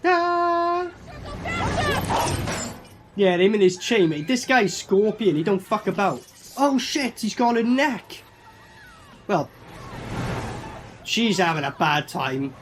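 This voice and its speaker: A man's voice: high-pitched, big pitch swings, slow pace, pauses often, slight background noise. A man giving a casual, sweary running commentary as he reviews a film. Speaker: movie reviewer.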